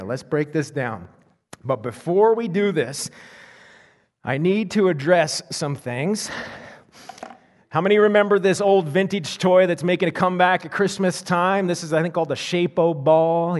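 A man's voice: fairly high pitch, a little mellow, big-room sound. A man preaching a sermon as a pastor, reading scripture aloud and breaking off into casual explanations to the congregation.

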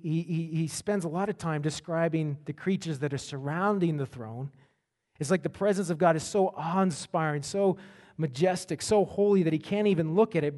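A middle-aged man preaching, his voice pitched high for a man and full of energy. He repeats words in bursts and acts out reactions. A long hall reverb trails behind him. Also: a little mellow. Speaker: pastor. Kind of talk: sermon.

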